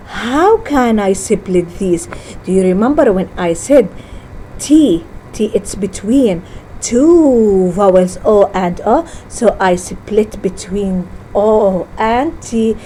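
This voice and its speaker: A female English teacher delivers a slow, careful classroom lesson on syllables, repeating words one by one and correcting herself in halting phrases. Her mellow voice rises and falls lively in pitch, over a faint hiss in a rough recording.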